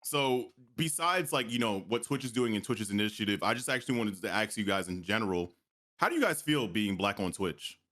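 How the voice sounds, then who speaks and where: A man hosting a casual podcast chat, relaxed and laughing as he steers the talk. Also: fairly low pitch, brisk. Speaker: podcast host.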